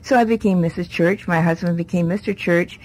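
A middle-aged woman giving her faith testimony as an interview guest, telling it as a lively story and acting out the people she quotes. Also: lowish voice, a little fast.

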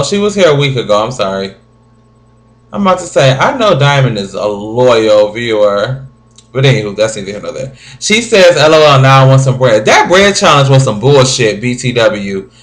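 A man's voice: medium pitch, a bit bright. A young man vlogging casually, reading out viewer comments with dramatic, rambling asides and a voice that sometimes sinks to a mumble. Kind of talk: casual chat to camera.

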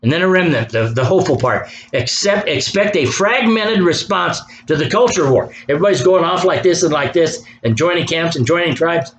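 A man with a fairly high voice preaches with impassioned fervor, reading long scripture passages aloud and stressing them. A faint hiss of noise sits under the recording. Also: animated, brisk, hardly any pauses, a bit bright, poor audio. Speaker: pastor. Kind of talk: sermon.

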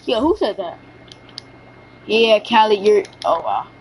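A woman streaming a shooter game live, chatting casually and excitably with her viewers in slangy banter. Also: mid-range voice, slow, slight background noise, rough recording. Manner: excitable, slangy, talks to chat. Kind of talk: casual livestream chat while gaming.

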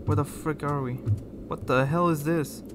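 A man's voice: fairly high pitch, steady tone, a little slow, noisy background. A man giving nervous running commentary while playing a horror game, repeating himself and swearing as he goes. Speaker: gaming YouTuber.

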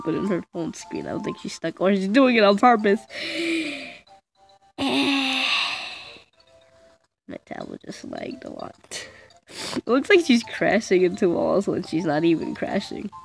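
A woman's voice: mid-range voice, huge pitch swings, a little slow, vocal fry, pauses often, soft background music. A female gamer giving casual, chatty commentary on her gameplay, teasing the game and her friend as she plays.

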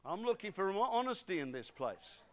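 A middle-aged British man preaching a sermon as pastor, swinging between loud emphatic preaching and quiet storytelling. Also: sits high, brisk. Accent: British English. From Britain. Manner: animated, emphatic, repeats for stress.

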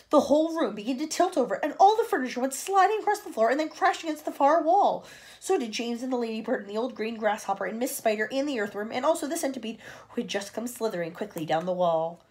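A woman reading a children's storybook aloud in an expressive way and signing off to young listeners. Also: fairly high pitch, a little fast.

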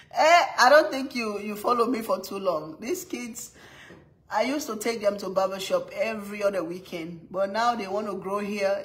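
On a low-quality recording, a mother with a mid-range voice and a strong non-native accent chats casually on her live stream, often laughing and calling out viewers by name.

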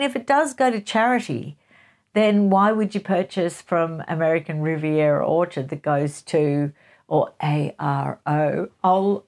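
A middle-aged woman hosts a casual gossip show, chatting along in a playful, giggly manner. Her voice sits slightly low for a woman. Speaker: host.

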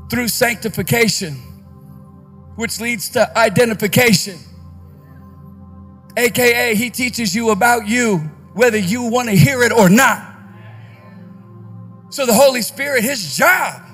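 Male pastor, high voice, energetic conference sermon, faint music underneath. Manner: energetic preaching, rising to shouts. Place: conference stage.

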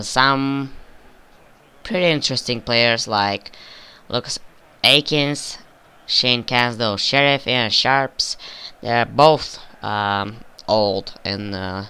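A young man giving casual, profane commentary over a football video game he is playing, flaring up in frustration and excitement. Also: medium pitch, takes it slowly, pauses often, clear, resonant tone. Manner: swears often, flares up with frustration and excitement. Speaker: gaming video creator.

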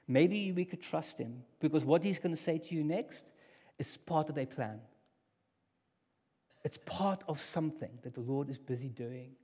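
A man preaching a sermon in a church hall, talking in a casual, conversational way that drops to near whispers and rises to loud bursts. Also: medium pitch. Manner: conversational, swings from hushed to loud. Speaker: pastor. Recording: long hall reverb.

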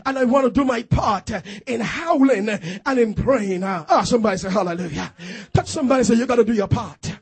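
A man's voice: very high-pitched, lively intonation, brisk, gravelly, breathy edge. A man pastor preaching a fervent call-and-response sermon in a church, urging the congregation to repeat phrases after him.

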